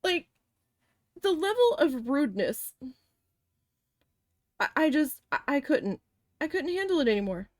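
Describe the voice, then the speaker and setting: A woman's voice: high-pitched, sing-song, a little slow, pauses often, no room sound, clean studio sound. A woman chatting casually while she paints, telling a long, candid, profane story with rambling self-corrections. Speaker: art vlogger recalling a retail cashier job.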